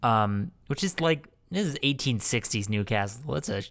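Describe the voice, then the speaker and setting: A man's voice: mid-range voice, animated, normal speed, vocal fry, a bit bright, no room sound, studio quality. A man co-hosting a casual movie podcast, rambling and swearing with lots of fillers. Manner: rambling, profane, many fillers. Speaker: podcast co-host. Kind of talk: casual movie-review chat.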